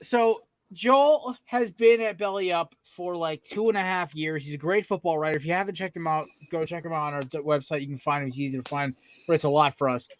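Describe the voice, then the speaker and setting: A young man hosts a casual sports podcast, rambling and swearing with plenty of excitement. His voice sits a little high for a man, and the sound is close and dry. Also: brisk, dry recording. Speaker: podcast host.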